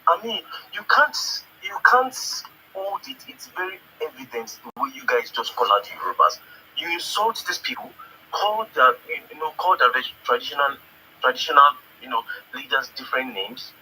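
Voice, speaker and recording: Bright-voiced, ranting man. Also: on the high side, sing-song, moderate pace, a little hiss or hum, poor audio. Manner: angry, profane, mimics others' voices. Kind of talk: heated political rant.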